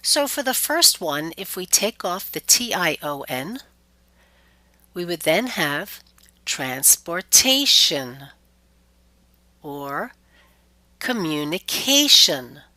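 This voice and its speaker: A woman teaching pronunciation in a clear, deliberate scripted lesson, stretching out example words. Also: lowish voice, animated, pushed and bright, no echo.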